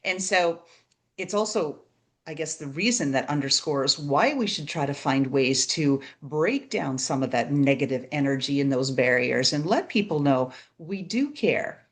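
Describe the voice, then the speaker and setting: A woman hosting a podcast, chatting in an animated way and tossing in quick "right?" asides. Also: deep voice. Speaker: podcast host. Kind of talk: casual podcast chat.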